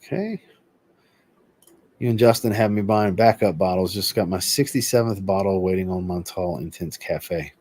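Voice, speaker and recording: A man hosting a livestream and chatting casually, reading viewer comments aloud and answering them in a relaxed, rambling way. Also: low-pitched, moderate pace. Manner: relaxed, rambling, with filler words. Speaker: host.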